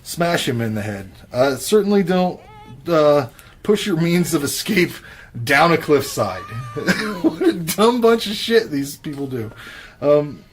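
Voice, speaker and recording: A man's voice: fairly high pitch, big pitch swings, slow pace. A man co-hosting a podcast in casual chat, blunt and profane, laid-back, with many fillers. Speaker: podcast co-host reviewing horror films.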